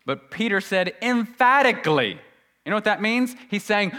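A male pastor preaching a sermon, swinging between loud emphasis and quiet asides. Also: sits high, lively intonation, normal speed.

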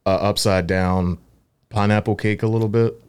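A man in casual podcast chat, cracking jokes and reacting quickly, with some swearing. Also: lowish voice, steady tone, clean tone. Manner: joking, quick reactions, profane.

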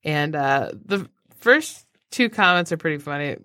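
A low-pitched woman co-host chats casually and drops wry remarks. Her voice sits well below most women's. The recording is close and dry. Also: animated, measured pace, pushed and bright, dry recording. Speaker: podcast co-host. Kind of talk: casual chat.

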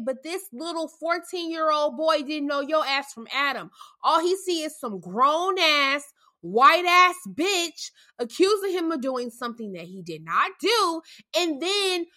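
Podcast co-host, woman, high bright voice, furious profane rants. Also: expressive, unhurried. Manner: furious ranting, profane, shouting bursts. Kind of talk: heated casual commentary.

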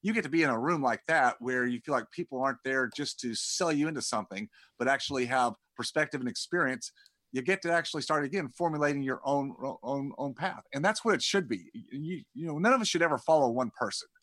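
A man's voice: mid-range voice, lively intonation, fast talker, a bit bright, dry recording. Man, interview guest, rambling, stutters on restarts, dry close recording. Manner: rambling, repeats words when starting sentences. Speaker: podcast guest, dentist and community founder. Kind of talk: conversational interview.

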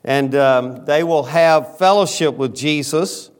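A man preaching a sermon as pastor, talking slowly and deliberately with frequent pauses. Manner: quiet, lowered voice in prayer.

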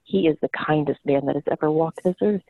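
Woman doing a snobby mother with a smoker's rasp. Proud, defensive, thin phone-line sound. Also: low-pitched, fast, background noise. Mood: haughty. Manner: haughty, defensive.

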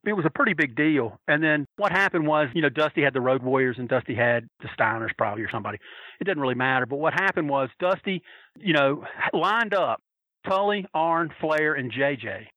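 Guy telling stories, animated, swears a lot, high-ish bright voice, kinda dull lo-fi sound. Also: no room sound. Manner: animated, profane, acts out quoted voices. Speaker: storyteller recalling wrestling fan days. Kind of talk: casual storytelling.

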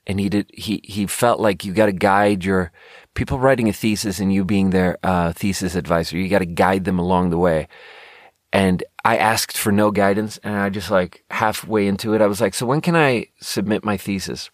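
This young man's voice sits low, with fairly even intonation and a moderate pace, captured in a dry, studio-quality recording. Hosting a casual talk show, he reviews sparkling water in a rambling, profane, jokey monologue.

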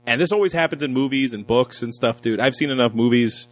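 A man's voice: mid-range voice, fairly quick, poor audio. A man co-hosting a casual film review chat, joking and sarcastic, acting out lines from the movie. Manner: joking, sarcastic, acts out quotes with a voice. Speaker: podcast co-host reviewing a film.

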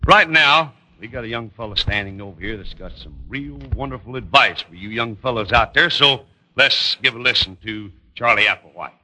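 Folksy 1950s country radio host. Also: male voice, medium pitch, normal speed, low-quality recording. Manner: folksy, homespun, relaxed. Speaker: radio show host and singer. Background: music.

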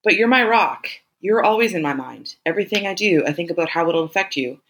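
A woman's voice: on the low side, expressive, fairly quick, a bit bright, poor audio. A woman voicing an earnest, affectionate woman who speaks candidly and reassuringly in a read-aloud story.

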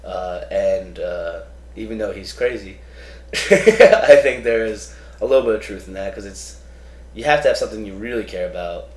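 A man chatting as a podcast guest, rambling and laughing easily, with lots of "like"s. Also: deep voice. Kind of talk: casual chat. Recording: roomy echo.

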